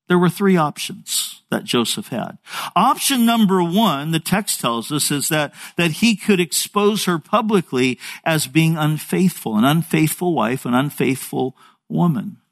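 A man preaching a sermon, telling the story in a lively way and acting out the characters' dialogue, with frequent stammered restarts. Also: a little high, a little slow. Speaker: pastor.

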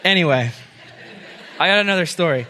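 Male youth pastor, high voice, bright tone, joking sermon storyteller. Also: a little hiss or hum. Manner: animated, joking, fast storyteller.

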